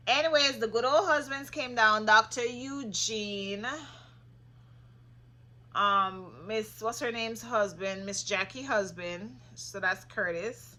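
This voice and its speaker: Woman, sassy gossipy recap, high voice, bright and forceful tone. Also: slow. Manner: sassy, opinionated, gets loud when passionate. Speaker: reality TV recap vlogger. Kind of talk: casual reality show recap.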